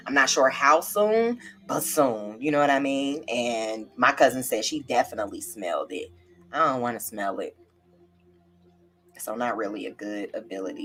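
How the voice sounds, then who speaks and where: A young woman with a low voice talks candidly into a close webcam mic during a livestream. She rambles, reads out viewer comments and shares her feelings openly. Faint music plays behind her. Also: fairly bright tone. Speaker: tarot reader hosting a livestream. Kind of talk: emotional livestream chat with viewers.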